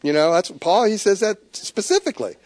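A man preaching a sermon, animated, with stammered restarts. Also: high-pitched, fast, no room sound, clean studio sound. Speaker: pastor.

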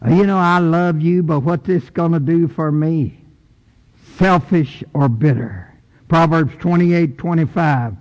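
A middle-aged man preaching a sermon emphatically, rising loud and dropping soft. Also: a little high, unhurried, muffled recording. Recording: long church reverb.

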